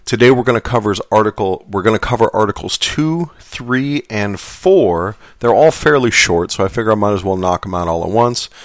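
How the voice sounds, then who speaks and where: A man hosting a podcast, talking casually about what he will read, relaxed and self-deprecating. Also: lowish voice, normal speed, few pauses, dry recording, studio quality. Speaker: podcast host.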